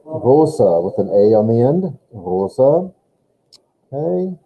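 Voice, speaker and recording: A man's voice: mid-range voice, big pitch swings, takes it slowly, breathy edge. A man teaching a German lesson, patiently explaining grammar step by step and prompting a student. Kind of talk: online language lesson. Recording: tinny phone-like line.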